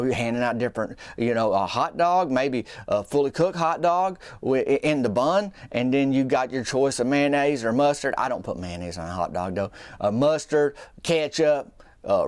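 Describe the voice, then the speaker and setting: A man's voice: mid-range voice, no room sound, studio quality. A man telling a comic story in a rambling, folksy way, full of restarts and asides. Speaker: storyteller host.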